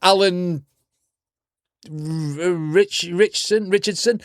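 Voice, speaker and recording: A man's voice: high voice, slow, no echo, clean studio sound. A man hosting a reaction video, chatting casually and rambling while he hunts for names.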